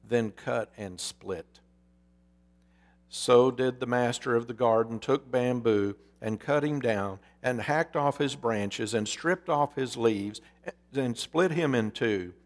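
A man preaching a sermon and telling a parable in a measured way. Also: medium pitch. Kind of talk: sermon with storytelling.

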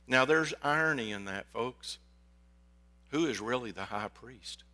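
Bright, animated preaching man. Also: medium pitch, a little slow. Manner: animated, conversational, addresses congregation as folks. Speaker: pastor. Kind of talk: sermon. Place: church sanctuary.

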